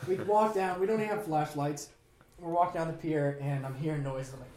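A young man casually telling a story in a lively way, acting out what people said. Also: a little high, fast talker. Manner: animated, laughing, acts out quotes. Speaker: podcast co-host telling a story. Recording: echoey room.

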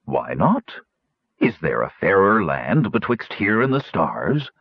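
An ancient, lonely dragon speaks in grand, formal phrases, pleading for freedom, as a man reads him. The voice is low and husky, with pitch that swoops widely. The recording sounds dull and lo-fi. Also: sing-song, slow pace, no room sound, full character voice.

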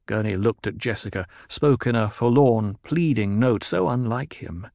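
A man in scripted audiobook narration, telling the story in a measured, even way. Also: on the low side, no echo, studio quality.

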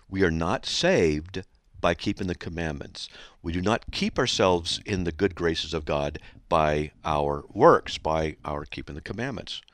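A man's voice: low voice, fairly bright tone, no room sound, clean studio sound. A man hosting a Christian radio show and reading listener mail aloud, emphatic and argumentative, with a sarcastic edge. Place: radio studio.

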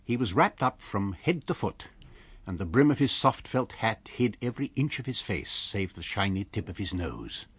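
A man reading a classic novel aloud for radio, with measured storytelling and light character voices. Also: lowish voice, very animated, slightly rough, no room sound. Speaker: audiobook reader.

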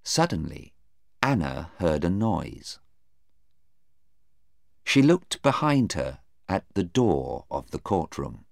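A man narrating a graded-reader story in a slow, clear and careful way. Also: sits low, sing-song, dry recording, studio quality.

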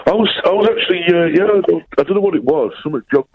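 A man's voice: sits high, animated, very fast, breathy edge, dry recording. A caller comes through on a muffled, dull phone line. He talks hesitantly and reminisces with plenty of ums. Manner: hesitant, reminiscing with many fillers. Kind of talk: casual phone-in chat.

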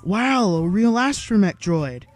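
A man doing an eager, excited young boy. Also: sits high, normal speed, faint music behind, voice pushed up. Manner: excited, exclaiming.

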